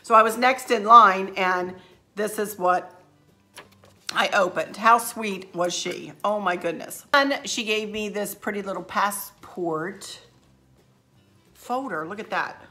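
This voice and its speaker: A woman's voice: medium pitch, takes it slowly, sharp tone, soft background music. A woman hosting a craft channel, chatting effusively and emotionally to a handheld camera at home, her throat a little scratchy. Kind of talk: casual chat to camera.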